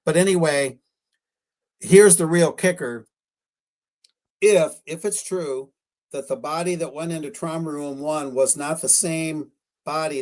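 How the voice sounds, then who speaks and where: A man's voice: on the high side, a little mellow. Rambling, hesitant man on a radio stream. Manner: rambling, hesitant, self-correcting with fillers. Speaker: guest researcher. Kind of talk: live-streamed radio interview talk.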